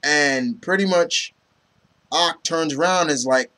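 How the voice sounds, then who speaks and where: Rambling man reviewing comics, fairly high voice. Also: unhurried, pushed and bright. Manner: rambling, lots of "you know" and "um"; retells scenes, quoting characters. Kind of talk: casual review talk.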